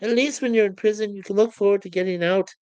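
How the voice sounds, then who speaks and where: A woman's voice: mid-range voice, fast talker, darkish tone, clean tone, no room sound, pitched above the performer's own voice, lightly acted. A woman reading aloud the lines of a fed-up young man who rants about his dull life, with a plain voice and a raised, complaining delivery. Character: bored, fed-up young man, a sitcom space slob.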